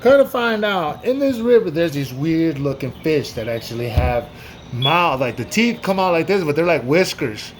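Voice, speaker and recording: A man's voice: a little high, big pitch swings, normal speed, noisy background. A man improvising a made-up story in a loose, rambling, slangy way, full of "like" and "dude". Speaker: storyteller host.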